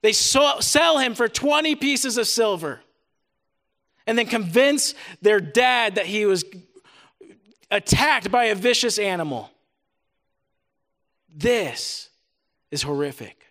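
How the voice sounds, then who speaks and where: A man's voice: high-pitched, expressive, slow pace, long pauses, a bit bright. A young adult man reading scripture and preaching at a retreat, talking casually with lots of "like" and growing intense. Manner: reads scripture then preaches with rising intensity; casual filler "like" while preaching. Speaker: retreat speaker.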